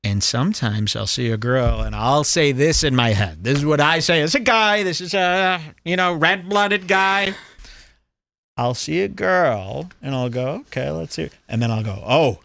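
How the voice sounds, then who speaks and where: A man hosting a crude comedic commentary show, mocking and animated, reading chat aloud. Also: a little high, a little slow, no echo. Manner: mocking, animated, puts on silly voices. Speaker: show host.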